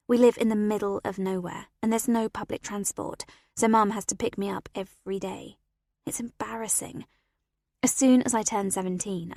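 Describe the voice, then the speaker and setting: An audiobook reader, a woman with a gravelly mid-range voice, narrates a first-person story in an expressive, animated way. She's recorded on a close studio mic with no echo.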